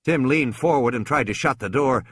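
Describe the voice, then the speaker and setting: A man's voice: mid-range voice, moderate pace, slightly rough, no room sound, clean studio sound. A man narrating a suspenseful story as an audiobook reader, with tense, dramatic delivery.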